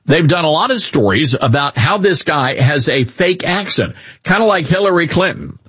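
A talk radio host with a husky, slightly raised voice that swings all over as he rants and jokes. The sound is dry and close to the mic. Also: fairly high pitch, normal speed, no room sound. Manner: animated, mocking, rambling. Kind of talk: opinionated talk radio commentary.

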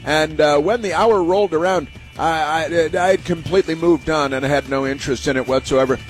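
A man's voice: on the high side, a little fast, faint music behind. A man hosting a political talk radio show, rambling and emphatic, full of fillers and restarts. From United States. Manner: emphatic, opinionated. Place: radio studio.

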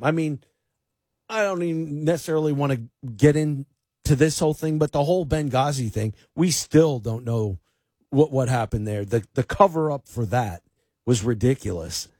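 A man's voice: medium pitch, darkish tone, slightly rough, no echo. A man filling in as host of a talk radio show, giving emphatic political commentary and often restarting with repeated words.

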